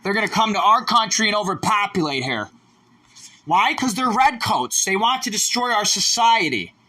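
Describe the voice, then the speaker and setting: A man's voice: high voice, big pitch swings, moderate pace, sharp tone. A young man vlogging, talking in a rambling, profane and agitated late-night rant, a bit distant from the mic. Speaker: YouTube vlogger.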